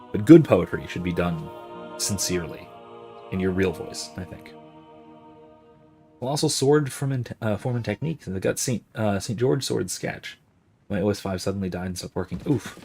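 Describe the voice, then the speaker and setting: A man's voice: low-pitched, a little mellow. An American man hosting a casual gaming stream, rambling and musing with plenty of restarts and fillers. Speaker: host.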